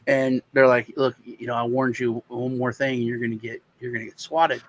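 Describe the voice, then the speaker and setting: A man from the United States, co-hosting a casual talk show, telling a childhood story in a halting, rambling way with many restarts. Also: medium pitch, flat delivery, low-quality recording. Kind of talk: casual chat.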